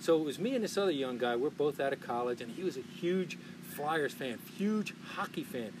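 Animated storytelling man, noisy room. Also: a little high, brisk. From Philadelphia area. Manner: animated storyteller, acts out quotes. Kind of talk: casual storytelling chat. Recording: noisy background.

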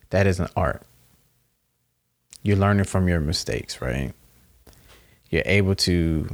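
A man's voice: sits low, creaky. A man talking casually and reflectively, laughing at himself and acting out little quoted exchanges. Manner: laid-back, laughs at himself, acts out quotes.

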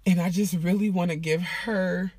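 A woman's voice: fairly low pitch, steady tone, moderate pace, a little mellow, husky, dry recording. Woman vlogger, heartfelt and casual, swears easily, dead dry recording. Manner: emotional, heartfelt, profane and casual. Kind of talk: candid personal vlog talk.

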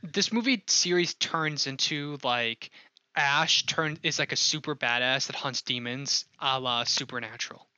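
A man's voice: medium pitch, measured pace, sharp tone, clear, resonant tone, no echo, muffled recording. A young man hosting a casual movie review podcast, enthusiastic and rambling, with many fillers. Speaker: podcast host.

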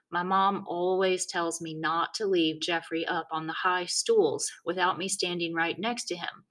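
A woman reading a chapter of a children's novel aloud, telling it in the first person with a wry, deadpan tone. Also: fairly low pitch. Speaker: audiobook narrator. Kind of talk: first-person storybook narration.

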